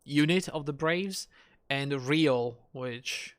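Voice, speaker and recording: A man casually chatting as he plays a game on a live stream, relaxed and full of little hedges and fillers. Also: on the high side, takes it slowly, clear, resonant tone, dry recording. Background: game music.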